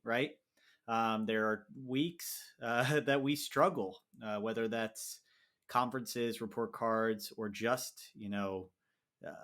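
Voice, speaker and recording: Low-voiced guy hosting a podcast, asks long friendly questions, lots of ums. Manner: friendly, with soft backchannels and filler-heavy questions. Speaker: podcast host. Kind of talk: podcast interview.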